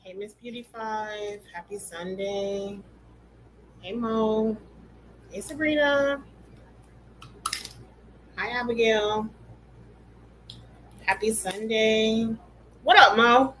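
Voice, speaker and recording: A woman hosting a hair care class on a live stream, chatting casually and greeting each viewer by name with relaxed slang, speaking from an indoor room. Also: on the high side, very slow, long pauses, a little hiss or hum, rough recording. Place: indoor room with air conditioning.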